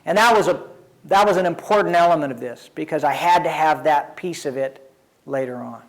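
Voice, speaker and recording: A man's voice: a little high, a little fast, low-quality recording. An older man, an addiction counselor, telling his own recovery story in a wry, self-deprecating, conversational way. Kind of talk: personal storytelling.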